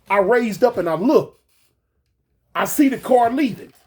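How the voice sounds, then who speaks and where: A man casually recounting a past event, animated, stumbling over restarts and mouthing gunshot sounds. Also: high voice, unhurried, slightly rough. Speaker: guest recounting a shooting. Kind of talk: casual storytelling.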